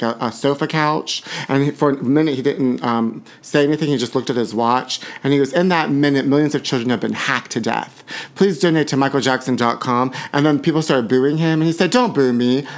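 A middle-aged man hosting a podcast, delivering a flamboyant, sassy celebrity gossip monologue and calling listeners honey. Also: mid-range voice. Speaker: podcast host.

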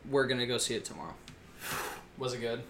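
A man's voice: mid-range voice, lively intonation, fast talker, fairly bright tone. A man co-hosting a podcast in casual, teasing chat. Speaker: podcast co-host.

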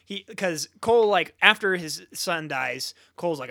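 A man's voice: sits high, lively intonation, normal speed, pushed and bright, no echo. A man co-hosting a podcast, rambling through a plot summary in casual chat. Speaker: podcast co-host.

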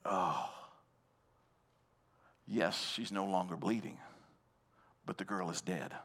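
A man's voice: deep voice, slow pace, a bit bright, slightly rough. A male pastor delivering a sermon, speaking conversationally and turning to the congregation with direct questions. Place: church hall with a live congregation. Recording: long hall reverb.

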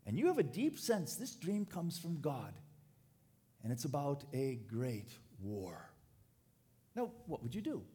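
A man preaching a sermon, animated and dropping to quiet tones for emphasis. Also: on the high side, a little slow. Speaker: pastor.

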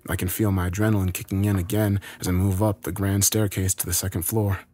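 Male horror narrator, low, husky, soft music bed. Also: flat delivery, quick pace.

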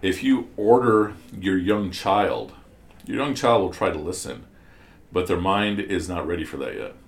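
Speaking unhurriedly in a low-pitched voice, a man comments on scripture for a class, explaining concepts one step at a time. He questions his students and restarts many times, and the sound is reverberant.

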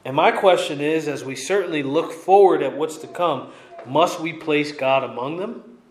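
A man's voice: on the high side, normal speed, echoey room. A man preaching an expository sermon, emphatic and repeating his key lines for weight.

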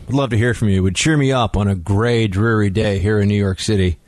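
Radio host guy, lowish voice, chatty and loose, dry studio mic sound. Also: fairly even intonation, fast talker, hardly any pauses, a little mellow, no echo. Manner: loose, conversational, with asides and restarts. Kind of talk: casual talk radio chat. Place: radio studio in New York. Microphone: studio microphone.

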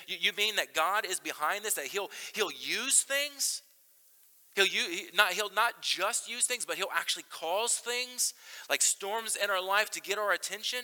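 A male pastor preaching a sermon, emphatic, swinging between loud passages and hushed ones. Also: high-pitched, normal speed. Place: church. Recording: long reverb of a church hall.

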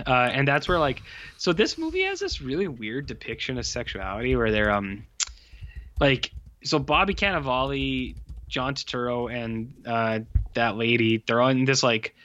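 A man's voice: medium pitch, expressive, moderate pace, fairly bright tone, muffled recording. A man in a casual movie review chat, rambling and swearing, with lots of filler words. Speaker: podcast co-host.

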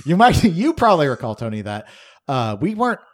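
A man's voice: fairly high pitch, sing-song, moderate pace, no echo. A man co-hosting a podcast in casual chat, joking and laughing often. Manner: joking, laughs often, acts out silly quotes. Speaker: podcast co-host.

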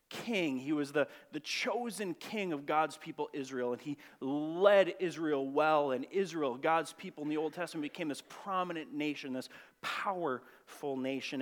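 A pastor preaching a conversational, earnest sermon in church, asking rhetorical questions. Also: male voice, fairly high pitch, fairly bright tone.

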